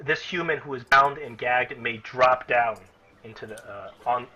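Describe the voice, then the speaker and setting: A man's voice: medium pitch, measured pace, bright, forceful tone, muffled recording. A man narrating as game master in a casual tabletop session, often restarting his sentences.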